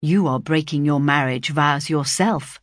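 A woman reading the part of a sulky, defiant young gentleman who turns indignant, muttering some lines. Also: sits low, unhurried, dry recording, studio quality.

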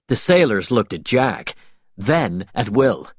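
Slow, husky male storybook narrator. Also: medium pitch, sing-song, dry recording, studio quality. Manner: slow, clear, deliberate reading. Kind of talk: reading a storybook aloud.

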